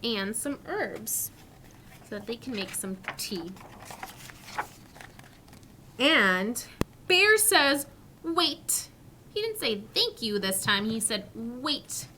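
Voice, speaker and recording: A woman teacher reading a story to young children, asking questions and modelling sounds slowly and clearly. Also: on the high side, sing-song, sharp tone, slight background noise. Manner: slow, clearly articulated, questioning.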